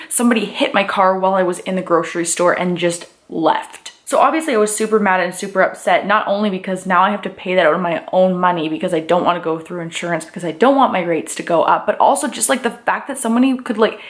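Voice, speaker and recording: A woman, chatting candidly to her camera in a casual vlog and saying "like" a lot. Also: mid-range voice. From Canada. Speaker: lifestyle vlogger.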